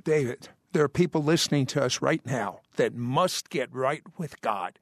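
A man hosting an interview, asking calm, measured questions. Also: mid-range voice, dry recording, studio quality. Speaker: host.

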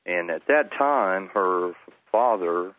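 Speaking slowly and expressively in a low voice, a middle-aged man from Texas phones in as a guest to tell his testimony earnestly, with restarts along the way. The tinny phone-line audio has no room sound.

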